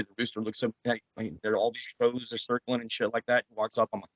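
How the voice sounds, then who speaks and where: A man's voice: fairly low pitch, level tone, quick pace, few pauses, no room sound. A man on a podcast telling a long crude farm joke, swearing through the story. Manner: profane storyteller. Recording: dull dry lo-fi podcast audio.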